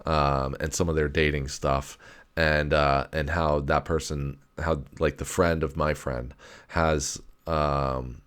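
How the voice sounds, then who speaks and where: A man's voice: rumbling low, level tone, takes it slowly, a bit bright, clear, resonant tone. A young adult man ranting casually as a podcast host, rambling and profane, with many fillers and restarts. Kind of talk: casual solo rant.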